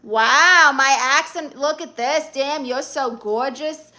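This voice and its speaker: He takes it slowly, using a very high, exaggerated voice to play a flirty, sassy middle-aged aunt with Spanish-accented English. Hosting a live-stream comedy chat, he's brassy, teasing and dramatic, with warm greetings for fans.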